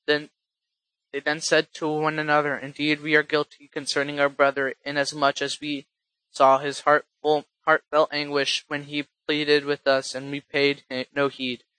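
Man reading scripture, bright voice, flat delivery, frequent restarts, dry close sound. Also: fairly high pitch, clean tone, dry recording, poor audio. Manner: halting reading with frequent restarts and self-corrections. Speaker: scripture reader.

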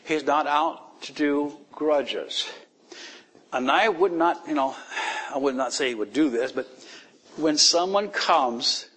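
A man preaching a sermon in a conversational, emotional way, thinking aloud with asides and pauses. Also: a bit bright. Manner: conversational, emotional, rises high when moved.

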